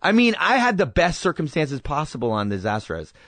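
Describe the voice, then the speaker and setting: A man's voice: a little high, big pitch swings, fast, fairly bright tone, no echo. A man in his thirties, a guest in a casual interview, talking earnestly and reflectively and telling stories with quoted dialogue.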